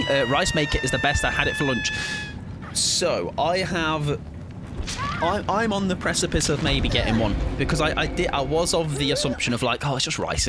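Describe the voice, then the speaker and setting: A young Englishman streams a game at medium pitch against a noisy background. He's chatty and jokey with his viewers, reading their chat messages aloud as he plays.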